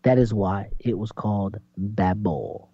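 A man talks through scripture in a lively, preaching style, often acting out what people might say. His tone is mellow and warm. The sound is dry and slightly dull, with a lo-fi feel. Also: on the low side, a little slow, no room sound. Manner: animated, laughs often, acts out quotes. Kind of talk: preaching-style faith talk.

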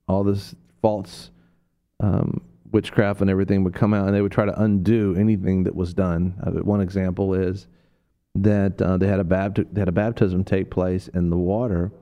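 A man hosting a Christian radio talk, telling stories in a rambling way with many fillers and restarts, and acting out quoted people in a sudden high voice. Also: clear, resonant tone, muffled recording. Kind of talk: preaching talk on a radio show.

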